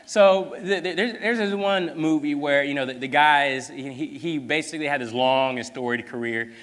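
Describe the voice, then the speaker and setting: A man preaching a sermon, telling a story in a casual, animated way full of fillers. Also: fairly high pitch, moderate pace, big-room sound.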